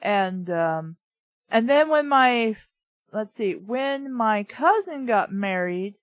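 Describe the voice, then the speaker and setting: A woman's voice: fairly high pitch, animated, slow, dry recording, muffled recording. A woman co-hosting a comedy reading show, reading fanfiction aloud and riffing on it in a blunt, sarcastic way with plenty of swearing. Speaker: podcast co-host reading fanfiction.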